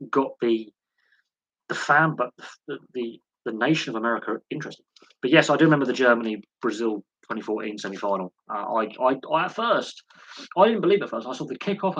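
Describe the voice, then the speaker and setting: A man hosting a live sports Q&A, telling rambling anecdotes with lots of restarts and animated quoted dialogue. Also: mid-range voice, husky, no echo, dull audio. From United Kingdom. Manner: rambling storytelling with frequent restarts and animated quoting. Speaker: host of a sports channel. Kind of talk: casual live Q&A chat.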